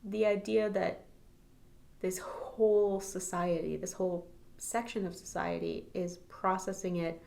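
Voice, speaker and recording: A woman's voice: on the low side, fairly even intonation, unhurried, gravelly, a little mellow. A woman co-hosting a podcast, talking casually about a book and laughing often. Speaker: podcast co-host.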